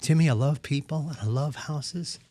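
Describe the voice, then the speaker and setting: A man's voice: on the high side, normal speed, dark tone, no room sound, studio quality, lightly acted. A man putting on a Southern Belle accent to play a gushing, eager new female real estate agent. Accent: put-on Southern Belle.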